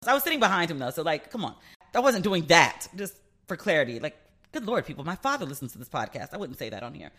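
Woman, solo podcast host and relationship expert; frank and gossipy, salty language, bright timbre. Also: low voice, big pitch swings, fast. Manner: candid and chatty, swears freely, acts out quoted exchanges.

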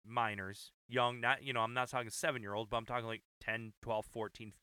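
A man's voice: medium pitch, little pitch movement, brisk, bright, forceful tone, clean tone, dry recording. A man co-hosting a podcast in casual chat, often stumbling and repeating words and laughing easily. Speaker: podcast co-host.

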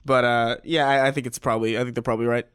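A man co-hosts a casual podcast, speaking in a loose, relaxed way. He restarts his sentences and swears offhandedly at a mid pitch. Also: rapid-fire, clear, resonant tone, no room sound, studio quality. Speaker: podcast co-host. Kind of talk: casual chat.

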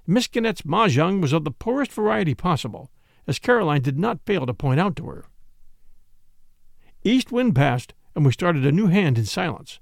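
A man reading a mystery novel aloud in measured, expressive audiobook narration. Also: a little high, vocal fry, no echo, clean studio sound. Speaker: audiobook reader.

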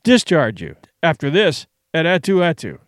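A man voicing a calm, stern ship owner who speaks quietly in cool, clipped replies. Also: fairly high pitch, normal speed, no echo, studio quality. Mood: quiet, firm.

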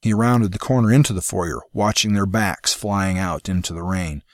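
A man reading a fantasy novel aloud in a measured, dramatic storytelling manner. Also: low-pitched, no echo, clean studio sound. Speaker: audiobook narrator. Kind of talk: scripted fantasy narration.

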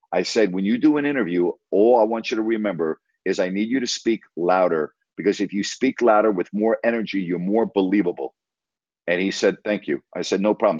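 A man with a low voice tells a story in a casual interview, speaking emphatically and acting out conversations. The recording is dry and slightly dull. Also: a little mellow, dry recording. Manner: emphatic, retells conversations with repeated "I said". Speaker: former team broadcaster.

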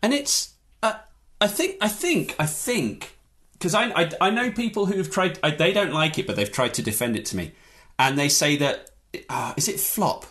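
A man's voice: fairly high pitch, big pitch swings, normal speed, a bit bright. A man, a journalist guest on a podcast, ranting in mock outrage with a sardonic, comic edge. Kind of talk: casual podcast chat.

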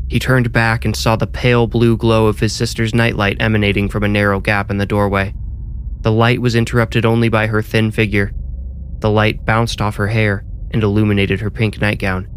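A male storyteller reads a scripted horror tale in a low voice. His delivery is measured and deliberate. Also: slight background noise.

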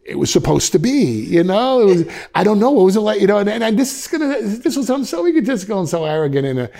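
A man in his fifties from Westchester, New York, telling stories as a podcast guest in an animated way, with many restarts. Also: high-pitched, fast, creaky. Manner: animated, many restarts, slips into quoted voices. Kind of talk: reflective storytelling in a podcast interview.

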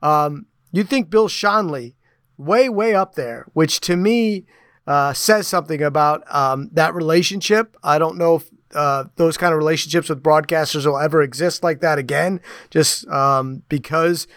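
A man from New York co-hosting a sports podcast, speaking haltingly with many fillers. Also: fairly high pitch, no room sound, clean studio sound. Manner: halting, many fillers, softens at ends of thoughts. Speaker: podcast co-host. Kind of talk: casual podcast chat.

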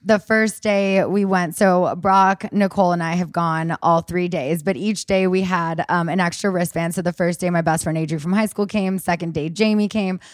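A woman hosting a podcast, telling a story in lively casual chat and acting out what people said. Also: lowish voice, normal speed, hardly any pauses, no room sound, studio quality. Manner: animated storyteller acting out quoted dialogue. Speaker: podcast host.

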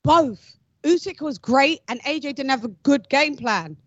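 A woman's voice: sits high, expressive, unhurried, no room sound, lo-fi sound. A woman arguing heatedly as a boxing show panelist, blunt and swearing freely over a remote call mic. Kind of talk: heated debate.

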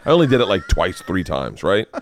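A man's voice: sits low, big pitch swings, brisk, slight background noise. A man hosting a podcast, telling a rambling story in casual chat, swearing and laughing often. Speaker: podcast host and comedian.

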